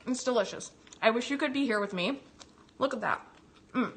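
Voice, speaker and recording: A woman's voice: a little high, normal speed, pauses often. A woman hosting a live cooking demonstration from her home kitchen, bubbly and chatty, gushing over the food and talking while she eats. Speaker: cooking show host.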